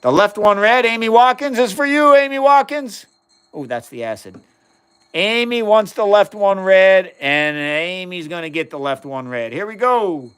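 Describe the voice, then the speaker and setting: A man's voice: high-pitched, lively intonation, moderate pace, a bit bright, clear, resonant tone. A man in his fifties hosting a casual livestream, doing chemistry experiments and answering viewers' questions with enthusiasm. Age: 50s. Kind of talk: casual live-stream chat while doing experiments.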